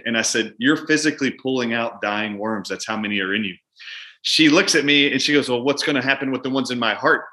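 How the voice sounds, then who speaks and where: A man, a doctor appearing as a guest, telling a long story from his practice in lively conversation and acting out both his own lines and his patient's. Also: medium pitch, a little fast. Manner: animated, acts out both sides of a patient exchange.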